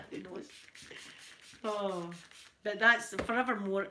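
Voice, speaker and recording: A Scottish woman with a Glaswegian accent, chatting casually to her viewers. She tells funny stories, laughs a lot, and her throat is a little hoarse. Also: fairly high pitch, a little slow, pauses often, sharp tone, a little hiss or hum. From Scotland. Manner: chatty storyteller, laughs often, mimics voices. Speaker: ASMR channel host.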